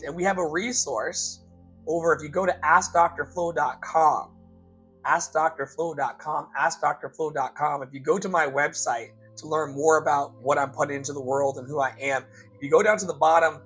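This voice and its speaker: A man coaching his listeners in a live motivational talk, repeating key lines slowly for emphasis and calling them beloved. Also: on the high side, a bit bright, faint music behind, rough recording. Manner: emphatic, slow repetitions for effect. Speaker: life coach and show host.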